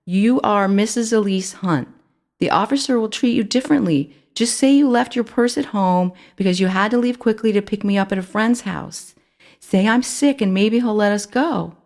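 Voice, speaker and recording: Woman voicing a calm, clever young boy. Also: medium pitch, normal speed, voice pushed up, natural voice. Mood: reassuring. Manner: calm, reassuring.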